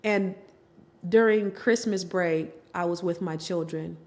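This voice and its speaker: A woman's voice: lowish voice, slow pace. A middle-aged woman telling her own story as a guest, acting out what her family members said. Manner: animated, acts out family members' lines in voices. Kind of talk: candid personal storytelling.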